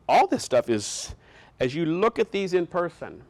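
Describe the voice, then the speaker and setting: A man's voice: a little high, big pitch swings, measured pace, a little mellow. A man hosting a casual product showcase in a showroom, gushing with enthusiasm and piling on superlatives as he walks around. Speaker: host showing his decor collection.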